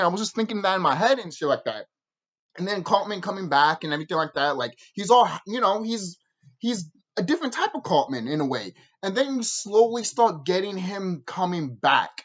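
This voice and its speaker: A man's voice: sits high, lo-fi sound. A man giving a casual, rambling video review, talking with heavy swearing and frequent laughter. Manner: animated, profane, laughs often.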